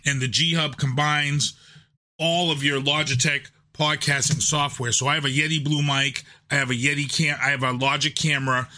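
A man's voice: medium pitch, bright, forceful tone. A man hosting his live podcast in a home studio on a desk microphone, chatty and loose, often repeating himself. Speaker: podcast host. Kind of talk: casual live show talk. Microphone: desk USB microphone.

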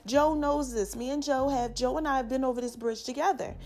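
A woman, giving heartfelt, slangy shout-outs to family and friends in a casual vlog. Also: high voice, a little fast, slight background noise. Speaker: vlogger.

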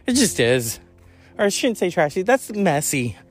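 A man's voice: high-pitched, very animated, moderate pace, soft background music. A man hosting a podcast in a rambling, candid, profane monologue, sighing and yawning as he goes. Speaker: podcast host. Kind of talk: casual monologue.

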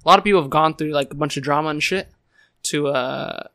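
A man's voice: fairly high pitch, fairly quick, fairly bright tone, dry recording, studio quality. A man co-hosting a stream, chatting in a laid-back, agreeable way. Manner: laid-back, agreeable, lots of "dude" and "you know". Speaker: streamer co-host. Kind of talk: casual chat.

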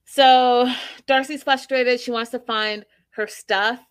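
A woman's voice: a little high, steady tone, slow, smooth, dry recording. A woman casually recapping a reality show, opinionated and full of rhetorical questions.

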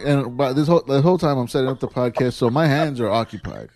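A man's voice: mid-range voice, normal speed, a little mellow. A man hosting a casual home podcast, telling a story with lots of laughter and playful voices. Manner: laughing storyteller, mimics his wife. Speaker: podcast host. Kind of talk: casual chat.

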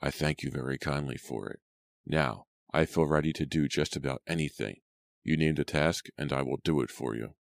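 A man voicing a starving ragged male drifter, speaking slowly and weakly. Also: extremely low pitch, creaky, no room sound, studio quality. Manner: slow, weak, pleading.

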